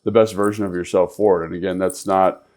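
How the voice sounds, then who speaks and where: A man with a very deep voice co-hosts a sports talk show and breaks down football as a former player and coach. He talks emphatically, like a coach instructing players, and often circles back to repeat his point. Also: flat delivery, brisk, darkish tone. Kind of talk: casual football analysis.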